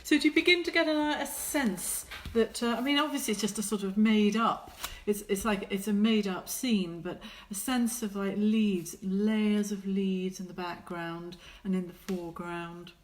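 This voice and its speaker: A woman's voice: mid-range voice, fairly even intonation, measured pace, few pauses, slight background noise. A middle-aged woman, a watercolour artist, chatting casually while she paints and teasing her viewers as she reads out their comments. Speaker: watercolour artist hosting a live painting session.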